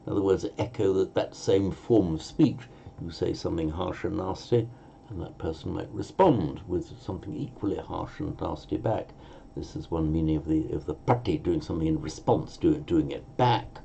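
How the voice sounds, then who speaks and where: A man's voice: low-pitched, moderate pace, vocal fry, warm tone, lo-fi sound, slight background noise. A man teaching a language lesson, thinking aloud, correcting himself and using many fillers.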